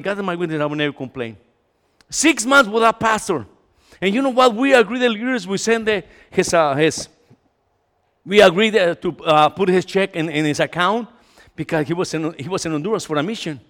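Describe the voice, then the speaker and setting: A male pastor with a notably high voice delivers a conversational sermon in a church sanctuary. He talks to the congregation in an animated way, swinging between loud and quiet. His words carry a long hall reverb. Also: fairly quick. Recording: echoey hall.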